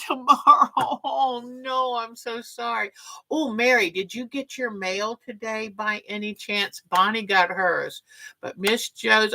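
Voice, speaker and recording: A woman chats her way through a quilting livestream. Her voice is bright and clear, and she talks at an unhurried pace, greeting viewers by name as she goes. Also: lowish voice, rough recording. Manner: chatty, warm sign-offs, talks to viewers by name. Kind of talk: casual livestream chat.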